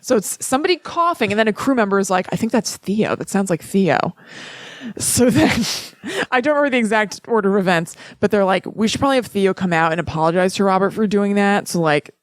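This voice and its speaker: A woman's voice: mid-range voice, quick pace, dry recording. A woman co-hosting a casual podcast, rambling and laughing as she acts out quotes in a chatty retelling. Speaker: podcast co-host. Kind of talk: casual chat.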